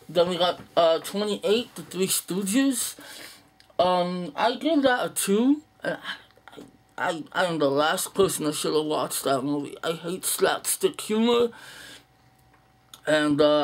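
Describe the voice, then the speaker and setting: A young man casually running through a list in an unedited video, blunt and profane, with sighs and halting fillers. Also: fairly high pitch. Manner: blunt, profane, dismissive opinions. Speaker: movie vlogger.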